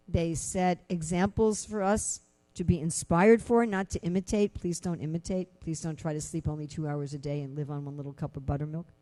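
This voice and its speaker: Woman lecturer, scripture class, chatty with lots of "you know", warm mellow tone. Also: lowish voice. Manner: conversational, many "you know" fillers; animated storytelling with rhetorical questions.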